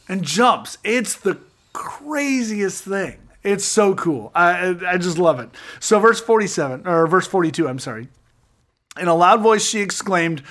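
A man hosting a casual Bible discussion, telling the stories with animated enthusiasm and quick asides. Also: high-pitched. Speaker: podcast host.

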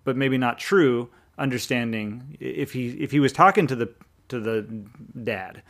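This man has a mid-pitched voice and talks through a scripture passage in a relaxed, casual way. He reasons aloud and often restarts his sentences as he works out the meaning. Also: moderate pace. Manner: thoughtful, reasons aloud over the wording with restarts.

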